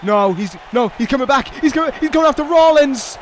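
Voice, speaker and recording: A man giving excitable play-by-play commentary on a wrestling video game, pleading and shouting at the action. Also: extremely high pitch, normal speed, hardly any pauses, poor audio. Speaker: YouTube gaming commentator. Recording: loud game crowd and noise behind voice. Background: video game crowd noise.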